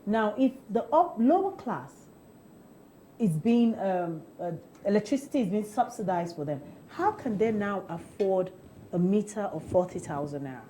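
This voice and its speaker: A woman hosting a radio interview, asking questions calmly. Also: mid-range voice, moderate pace, a little hiss or hum, rough recording. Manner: calm, questioning, soft-spoken. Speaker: radio host.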